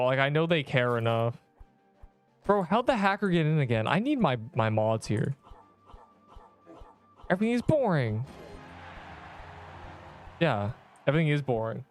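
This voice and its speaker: Young man streaming a game, smooth voice. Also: mid-range voice, no room sound. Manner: rambling, slangy, talks to chat while playing. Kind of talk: casual gaming livestream chat.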